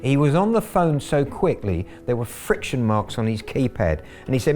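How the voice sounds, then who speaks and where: A man's voice: mid-range voice, sing-song, normal speed, darkish tone, soft background music. A middle-aged man telling the story of baiting a scammer, in a wry, gleeful interview manner. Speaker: scambaiter.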